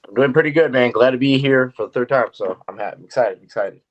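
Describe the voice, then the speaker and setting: A young man, a professional wrestler, chatting loosely and excitedly as a podcast guest. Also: mid-range voice, fast. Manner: loose and excitable, full of fillers and laughs, acts out dialogue. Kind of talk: casual interview chat. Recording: dull lo-fi audio.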